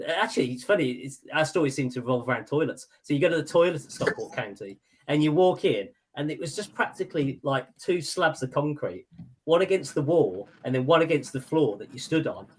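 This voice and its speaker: A man hosting a podcast in a relaxed, chatty way, laughing along as he talks. His voice sits a little higher than most men's. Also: fairly quick, slight background noise. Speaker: podcast host. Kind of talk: casual podcast chat.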